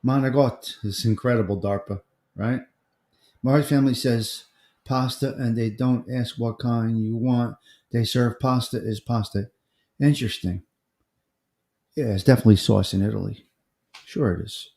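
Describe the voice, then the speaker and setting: A middle-aged man talks through a casual morning live stream, reading out comments and greeting viewers one by one. His voice is mellow and dark, and his talk wanders loosely from one topic to the next. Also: medium pitch, steady tone, moderate pace, pauses often, reverberant. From United States. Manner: chatty, greets viewers by name, drifts between topics. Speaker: livestream host.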